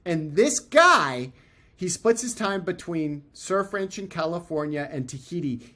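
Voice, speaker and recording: A man telling a story as a podcast guest, loose and animated, full of fillers and restarts, acting out the people he quotes. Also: a little high. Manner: animated, acts out quoted voices. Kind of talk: casual storytelling.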